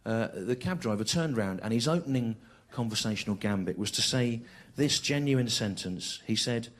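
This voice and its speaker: Repetitive stand-up comic, lively pitch. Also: male voice. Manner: deliberately repetitive, incredulous, drawn-out storytelling. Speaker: stand-up comedian. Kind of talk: stand-up comedy routine. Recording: live show with audience laughter. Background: audience laughter.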